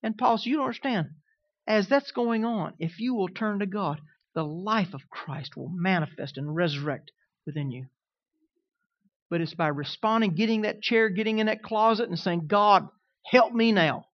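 A man preaching as a pastor, swinging between loud, emphatic lines and quiet, conversational asides. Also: high-pitched, moderate pace, no room sound, lo-fi sound. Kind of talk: sermon.

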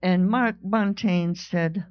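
A woman's voice: fairly low pitch, steady tone, slow pace, no room sound. A woman preaching a sermon, telling a story and reading scripture aloud with rising fervor. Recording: dull lo-fi sound.

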